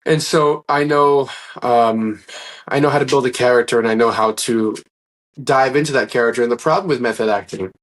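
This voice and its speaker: A man with a medium-pitched voice speaks briskly as a guest in a casual interview. He tells stories earnestly and ramblingly, often restarting sentences and acting out quoted dialogue.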